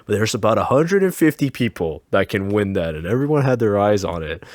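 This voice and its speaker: A man's voice: lowish voice, brisk, no echo. Chatty man telling a story, dry sound. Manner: animated storyteller, acts out quotes, laughs often. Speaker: podcast co-host. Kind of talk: casual chat.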